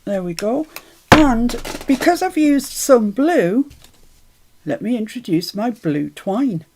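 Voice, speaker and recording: A woman's voice: fairly high pitch, lively intonation, takes it slowly, heavy background noise. A woman hosting a live crafting stream, chatty and self-mocking, often laughing at herself.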